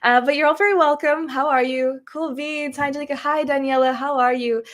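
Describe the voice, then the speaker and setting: A woman's voice: high-pitched, steady tone, fairly quick. A woman from Russia hosting a casual livestream Q&A, chatting a little nervously as she reads viewer comments aloud and answers them. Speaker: streamer hosting a Q&A.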